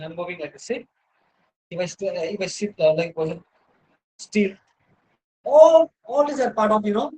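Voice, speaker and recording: Recorded indoors on a laptop mic with poor audio, this online lecture comes from a male university lecturer with an Indian English accent and a high-sitting voice. He wanders through his points, peppering them with "you know" and "right?".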